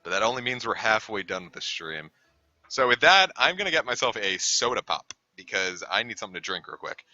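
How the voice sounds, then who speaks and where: A man's voice: lowish voice, big pitch swings, brisk, bright, forceful tone, no room sound. A young man casually chatting on a game stream, rambling with lots of fillers. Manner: rambling, filler-heavy talk. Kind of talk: casual live-stream chat. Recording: dull lo-fi dry home mic.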